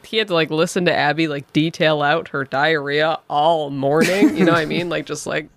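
Playful lower-voiced woman telling a story. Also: fairly even intonation, normal speed, no echo. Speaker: podcast co-host telling a true-crime story. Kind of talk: casual comedy chat.

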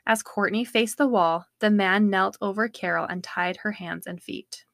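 A woman co-hosting a podcast, reading a true-crime book excerpt aloud in a steady, measured way on a close studio mic. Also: medium pitch, vocal fry, dry recording. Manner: steady, measured storytelling read. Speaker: podcast co-host.

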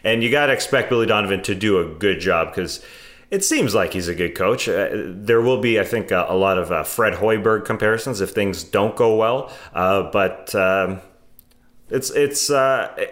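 Low-voiced man hesitating through analysis. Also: normal speed, fairly bright tone. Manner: hesitant, many fillers and restarts. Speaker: sports panelist. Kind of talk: casual basketball discussion.

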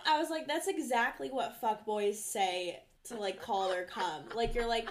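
A young woman with a slightly high voice co-hosts a casual podcast. She recaps scenes in a chatty, filler-heavy way and laughs as she goes. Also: a little slow, hardly any pauses, background noise. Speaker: podcast co-host. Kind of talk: casual chat.

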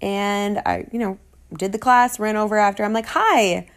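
A woman, a fitness trainer, telling a personal story in an animated way and acting out the dialogue she quotes. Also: moderate pace, clear, resonant tone. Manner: animated, acts out quoted dialogue with sarcastic jumps in pitch.

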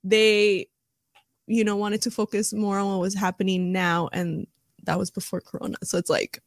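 A woman's voice: medium pitch, flat delivery, normal speed, no echo, studio quality. A woman streaming live, reading an article aloud and chatting about it with frequent laughs and fillers. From United States. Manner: chatty and giggly, laughs often, many fillers.

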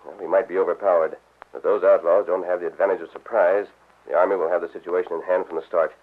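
An actor playing a bold masked frontier hero who speaks firmly and with command, in an old radio drama. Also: male voice, low-pitched, fairly even intonation, quick pace. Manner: firm, commanding, declamatory. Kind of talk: 1930s radio drama acting. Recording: tinny old radio broadcast.

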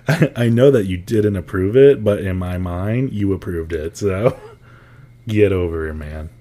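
A man's voice: deep voice, a little slow, warm tone, slight background noise. A man co-hosting a podcast who casually reads news topics aloud, adding laid-back wry asides. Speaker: podcast co-host.

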